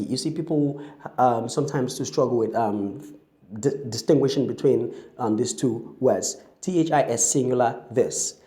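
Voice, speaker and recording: A man's voice: medium pitch, mellow. A man giving a spoken English pronunciation lesson, spelling words out letter by letter with frequent "you know" and "um". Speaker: pronunciation teacher.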